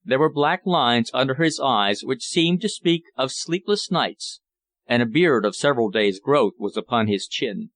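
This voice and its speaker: A man's voice: mid-range voice, expressive, measured pace, a bit bright, dry recording. Man reading a period novel aloud. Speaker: audiobook narrator. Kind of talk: scripted audiobook narration.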